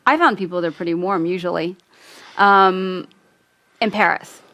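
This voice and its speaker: A woman's voice: lowish voice, normal speed, pushed and bright. A woman co-hosting a casual talk, reflecting on meeting people abroad. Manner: reflective, quoting people she met. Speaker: podcast co-host. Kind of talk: casual conversational chat.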